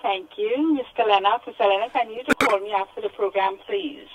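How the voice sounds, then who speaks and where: A woman's voice: mid-range voice, a little fast, muffled recording, noisy background. A woman calling into a radio show, formally reading out greetings and thanks. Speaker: caller.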